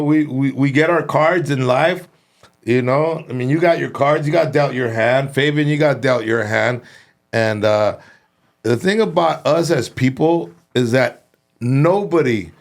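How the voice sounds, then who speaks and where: La guy hosting a podcast, gravelly voice, swearing a lot, animated storytelling, mid pitch. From Los Angeles. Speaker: podcast host. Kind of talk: casual chat, storytelling.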